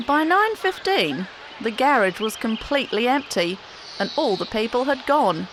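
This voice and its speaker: A woman's voice: on the high side, normal speed. New woman reading a children's story. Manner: expressive, clear storyteller pacing. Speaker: children's podcast host. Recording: noticeable background noise.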